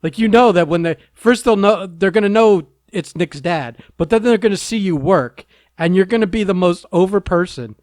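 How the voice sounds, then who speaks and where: A man with a slightly high voice jokes eagerly with his co-host. His voice sounds dry and close, with no room echo. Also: moderate pace, a little mellow. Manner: teasing, eager, laughs often. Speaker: podcast co-host. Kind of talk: casual chat.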